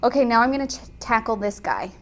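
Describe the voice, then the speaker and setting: A woman's voice: on the high side, sing-song, quick pace. Chatty woman teaching watercolor. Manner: chatty and enthusiastic, frequent "um" fillers. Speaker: watercolor instructor. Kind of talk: casual tutorial chat while painting.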